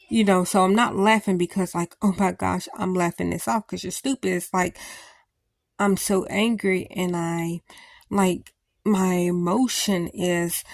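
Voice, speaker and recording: A woman's voice: medium pitch, dry recording, clean studio sound. A woman vlogger talking through her feelings in a rambling, thinking-aloud way with many restarts. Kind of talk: personal reflective talk to camera.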